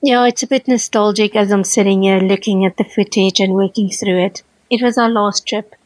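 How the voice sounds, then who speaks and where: A middle-aged South African woman narrating a casual travel vlog voice-over from home, warmly gushing about plants she loves. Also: medium pitch, fairly even intonation, normal speed, low-quality recording. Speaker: travel vlogger. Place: seated at home, recording voice-over.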